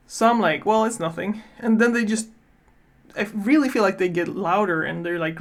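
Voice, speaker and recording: A woman vlogger telling a story casually to the camera from a studio, animated and laughing often as she talks. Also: medium pitch.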